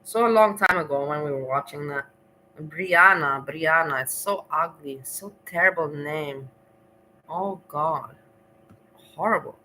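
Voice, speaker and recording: Bright-voiced woman ranting bluntly. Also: low voice, a little slow, a little hiss or hum, low-quality recording. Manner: blunt, scathing, profane. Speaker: reaction vlogger. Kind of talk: reaction commentary.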